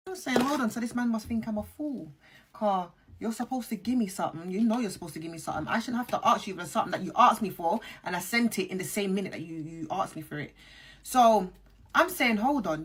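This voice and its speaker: Woman hosting a storytime vlog, animated, quick delivery, slangy and direct, slightly husky tone. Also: mid-range voice. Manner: animated, slangy, talks straight to viewers. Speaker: channel host.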